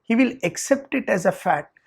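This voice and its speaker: A Vedanta teacher speaks in a gravelly, slightly husky voice. The teacher retells a story to make a point, breaking into short quoted lines for each character. The tone stays that of a lecture. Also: medium pitch, expressive, moderate pace.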